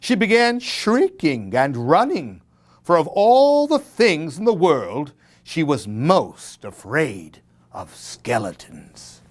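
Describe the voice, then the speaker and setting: A man reading a spooky children's story aloud as a children's librarian, in an animated, dramatic storytelling manner. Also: a little high, slow pace.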